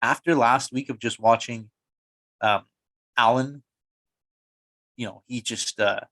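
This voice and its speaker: A man's voice: medium pitch, takes it slowly, a bit bright, no room sound. Dude cohost ribbing his buddy, keeps asking who's playing who, dry close sound. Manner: quizzing, teasing, asks lots of questions. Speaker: podcast co-host. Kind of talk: casual sports chat.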